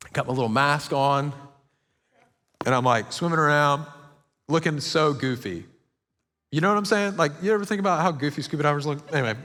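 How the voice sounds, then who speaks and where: A man's voice: on the high side, a bit bright. Man preaching in a reverberant church hall. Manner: storytelling with playful asides and self-mocking humor. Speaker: pastor. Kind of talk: sermon.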